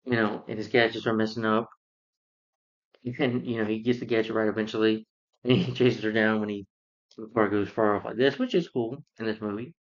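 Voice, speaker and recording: A man's voice: fairly low pitch, steady tone, fairly quick, muffled recording. A man casually reviewing a film, rambling through the plot with lots of fillers and restarts. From lives in Georgia, US.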